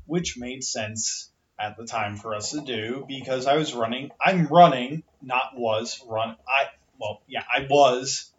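A man's voice: mid-range voice, a little slow, few pauses. Joking thirties man, game-master co-host, dull lo-fi podcast audio. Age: 30s. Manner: joking, swears freely, trips over words. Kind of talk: casual podcast chat.

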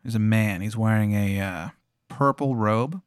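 A man's voice: fairly low pitch, a little slow, clean tone, no echo. Male GM, rambling casual narration, improv comedy, dry room. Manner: loose, rambling narration with fillers. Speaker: game master.

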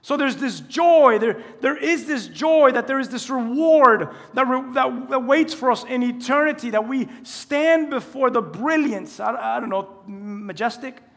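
A man preaches from the pulpit in a conversational way, putting question after question to his congregation. His voice sits fairly high for a man. The sound carries a long reverb from a large church hall. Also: lively intonation, measured pace, creaky, hardly any pauses, fairly bright tone. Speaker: pastor. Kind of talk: sermon.

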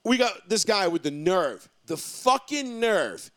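Recorded close and dry, this high-voiced young man rants in a loud, crude, mocking way. He swears constantly and keeps the chat casual and heated. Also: very animated, slow, dry recording. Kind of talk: casual profane rant.

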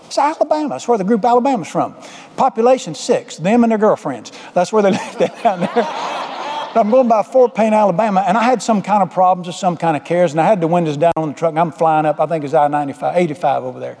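A man's voice: high-pitched, quick pace, warm tone. An older man preaching a folksy, humorous sermon full of stories. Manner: folksy, humorous, drawling storyteller. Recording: echoey hall.

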